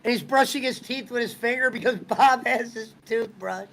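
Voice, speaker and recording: Male streamer host, unusually high voice, swears freely while rambling through stories in loose chat. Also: normal speed, vocal fry, a bit bright, slight background noise, poor audio. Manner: profane, rambling storyteller. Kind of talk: casual chat.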